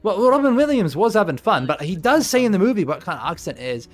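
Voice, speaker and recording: A man's voice: high voice, big pitch swings, quick pace, soft background music. A man running a tabletop game on a live stream, chatting casually, joking, swearing and laughing often.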